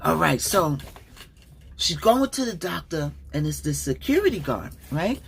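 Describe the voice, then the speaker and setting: A woman's voice: low voice, sing-song, a little slow, vocal fry, slight background noise. A woman commenting casually on a livestream, rambling and distracted, with many fillers and restarts.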